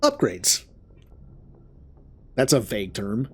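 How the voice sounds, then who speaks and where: A man's voice: mid-range voice, moderate pace, darkish tone. A man casually chatting while streaming a video game, rambling and laughing often. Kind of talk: casual chat over gameplay.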